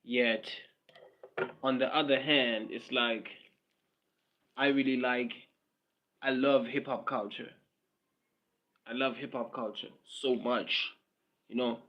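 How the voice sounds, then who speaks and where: A man's voice: mid-range voice, fairly even intonation, takes it slowly, long pauses, dull audio. A man with a South African accent rambling casually on a livestream, with repetitive fillers and mocking asides.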